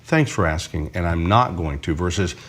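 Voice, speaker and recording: A middle-aged man with a fairly low voice, teaching as a counselor in a relaxed faith conversation. He talks in a loose, animated way and slips into quick acted-out dialogues. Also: slightly rough. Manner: animated, acts out little dialogues. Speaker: counselor co-host.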